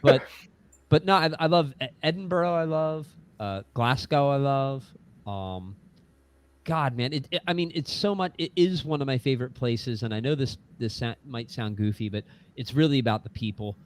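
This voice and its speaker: A man talking casually as a musician guest on a podcast, halting often and restarting his words, with casual swearing. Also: mid-range voice. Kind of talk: casual chat.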